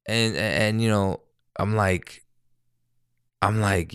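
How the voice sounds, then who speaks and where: A man in his thirties with a deep voice, talking in a casual, rambling monologue full of fillers and restarts. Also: takes it slowly, long pauses, a bit bright, clear, resonant tone, no echo, clean studio sound. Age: 30s. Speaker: vlogger.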